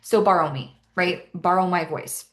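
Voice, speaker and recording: A woman's voice: fairly low pitch, normal speed, fairly bright tone. A young woman coaching in a casual motivational talk, earnest and upbeat, with many "like" and "right?" asides. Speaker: fitness and mindset coach.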